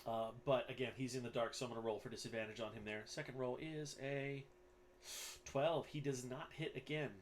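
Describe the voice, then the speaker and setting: A mid-pitched man narrates while running a tabletop game, his talk casual, filler-laden and sometimes profane. He keeps a level tone and a slightly fast pace, and a faint background hum can be heard.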